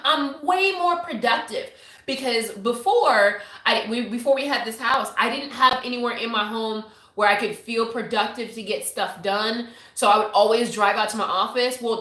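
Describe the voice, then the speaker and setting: A woman's voice: a little high, echoey room. A woman in her thirties hosting a live show from her home office, chatting candidly with viewers and telling stories with lots of energy. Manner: candid, animated storytelling. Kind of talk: casual chat to viewers.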